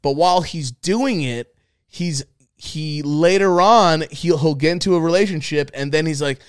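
A man's voice: on the high side, normal speed, clean tone, no echo, clean studio sound. A man hosting a podcast, chatting casually with heavy swearing and frequent laughter. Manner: profane, joking, laughs often. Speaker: podcast host. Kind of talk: casual chat.

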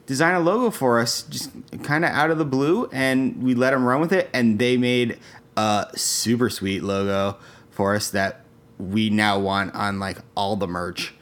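A young man co-hosting a casual sports podcast, talking things through in a measured, analytical way with ums and restarts. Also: mid-range voice, a bit bright. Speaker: podcast co-host.

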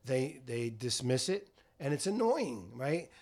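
A man's voice: mid-range voice, big pitch swings, unhurried, crowd noise. A middle-aged man co-hosting a casual podcast chat, rambling and defensive, laughing often. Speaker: podcast co-host, father of a host.

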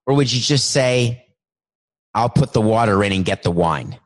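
A man's voice: lowish voice, animated, normal speed. A man hosting his own podcast, talking solo in a worked-up, emphatic way and stretching words for emphasis. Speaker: podcast host. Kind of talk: energetic solo podcast monologue.

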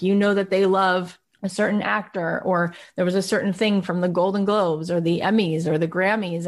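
A woman in her thirties speaks to a live online class in a chatty, eager way, full of fillers and asides. Her voice sits mid-range and sounds plain and close. She jumps higher when she acts out what friends said. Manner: warm, enthusiastic, chatty with many fillers. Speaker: podcast host and coach. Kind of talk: live online workshop talk.

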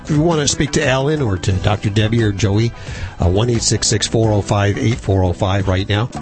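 A man hosting a radio talk show, briskly reading the call-in number and teasing upcoming guests. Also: on the low side, over music. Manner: brisk and conversational, reads phone numbers and teases upcoming segments.

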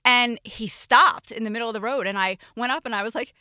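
A woman with a bright, somewhat high voice tells stories from her past as a podcast guest. She is animated and jumps between sentences, trailing off and starting over. It sounds close and dry, like a studio mic. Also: fairly quick, no room sound. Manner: animated, acts out quoted voices; trails off and restarts often. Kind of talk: casual storytelling chat.

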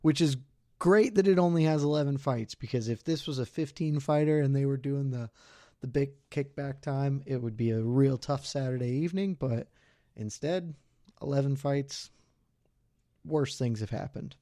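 Mellow-voiced man on a betting podcast. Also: medium pitch, normal speed, dry recording, studio quality. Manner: loose, rambling, self-deprecating. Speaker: podcast co-host. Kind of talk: casual betting podcast chat.

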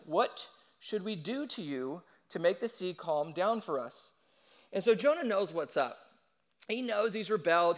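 A young adult man preaching a sermon as a pastor, in a conversational, animated way and acting out quotes. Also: sits high.

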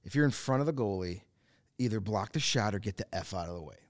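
A man co-hosting a casual sports podcast, giving blunt, opinionated takes with quick dismissive asides. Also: fairly low pitch, expressive, dry recording. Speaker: podcast co-host.

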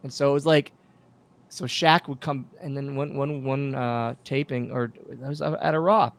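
Gravelly-voiced man telling wrestling stories. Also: mid-range voice, moderate pace. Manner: animated anecdotes, acts out quoted dialogue, many restarts. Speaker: guest, former pro wrestler and wrestling school owner. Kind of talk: casual interview storytelling. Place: podcast studio.

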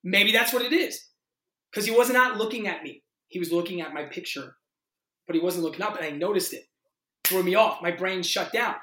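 A male actor telling audition stories in a casual interview, animated and full of "like". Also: high-pitched, background noise. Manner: animated, fast-shifting, heavy use of "like". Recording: roomy echo.

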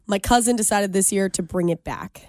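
A young woman co-hosting a radio show, telling a story in an animated way and laughing often. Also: mid-range voice, brisk, no echo. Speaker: radio co-host. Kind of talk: casual radio chat.

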